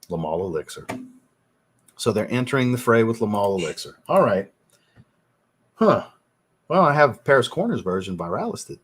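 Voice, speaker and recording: A man hosting a casual fragrance livestream, thinking out loud and answering viewers' chat messages as he goes. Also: on the low side, husky.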